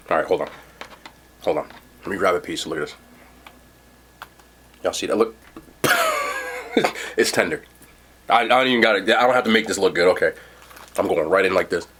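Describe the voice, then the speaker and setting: In his casual eating vlog, this young man from New Jersey talks with his mouth full, reviewing the food with enthusiasm. He has a deep, fairly bright voice that moves fairly quickly with long pauses, plus a little hiss or hum.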